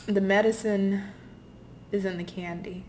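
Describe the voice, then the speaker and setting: A woman's voice: medium pitch, steady tone, a little slow, darkish tone, slight background noise. A woman giving a heartfelt tarot reading, earnest and apologetic, circling back to repeat her phrases. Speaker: tarot reader. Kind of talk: intuitive tarot reading to camera.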